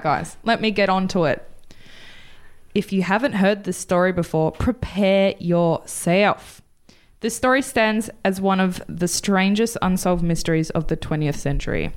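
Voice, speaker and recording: A woman's voice: mid-range voice, a little slow, long pauses. A woman hosting a podcast and telling a story in a casual, rambling, chatty way. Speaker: podcast host.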